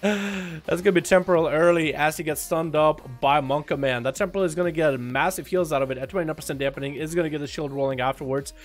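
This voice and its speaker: Excitable male game caster. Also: fairly high pitch, faint music behind. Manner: rapid play-by-play, excitable bursts. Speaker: esports caster. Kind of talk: live game commentary.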